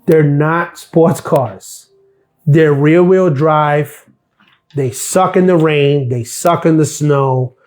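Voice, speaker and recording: Middle-aged guy on a live stream, fairly high voice, blunt sarcastic rant, swears a lot. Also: takes it slowly, darkish tone. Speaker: live stream host, former mail carrier. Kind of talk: casual ranting live stream.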